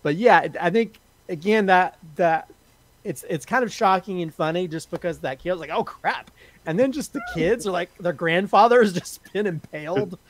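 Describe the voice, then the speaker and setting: A high-voiced man chats about a horror movie as part of a podcast panel, recorded without echo. His delivery is casual and halting, full of restarts and frequent laughter.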